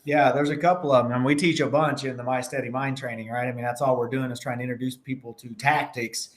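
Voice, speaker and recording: Brief: man, mid-pitched, animated podcast guest who slips into voices for stories. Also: fast talker. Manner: animated, acts out anecdotes in voices. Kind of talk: casual podcast conversation.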